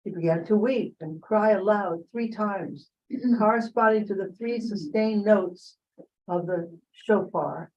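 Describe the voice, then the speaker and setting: A woman reads a passage aloud in a study session, steady and careful. Her voice sits at an ordinary middle pitch. The recording sounds dull and lo-fi. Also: measured pace. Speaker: participant reading a text aloud. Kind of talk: reading a text aloud in study.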